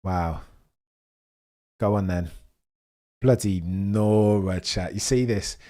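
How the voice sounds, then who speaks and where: A young man hosting a live race watch-along stream, chatting with viewers and reacting excitedly as the race unfolds. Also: deep voice, takes it slowly. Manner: excitable, chatty, reads chat messages, swings from muttering to excited shouting.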